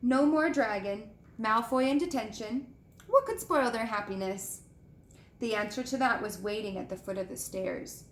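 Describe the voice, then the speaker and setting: A woman reading a children's book aloud with gentle, expressive storytelling and showing the pictures. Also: on the high side, normal speed, a little hiss or hum. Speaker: reader. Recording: echoey room with faint ambience.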